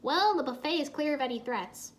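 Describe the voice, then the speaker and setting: A woman's voice: high voice, animated, brisk, voice pushed up. A woman voicing a jumpy, chatty young male ninja who talks nervously.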